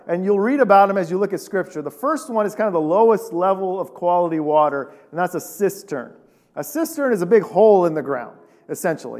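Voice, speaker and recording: A man with a fairly high voice preaches to his congregation. He keeps it loose and conversational and keeps throwing rhetorical questions at the listeners. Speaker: pastor. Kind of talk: sermon.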